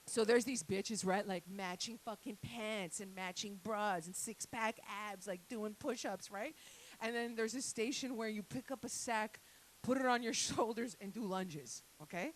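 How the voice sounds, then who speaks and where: A woman's voice: on the high side, poor audio. A woman doing a crude, rambling stand-up set with lots of asides to the crowd. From Italian-Canadian family. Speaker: stand-up comedian. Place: comedy night venue.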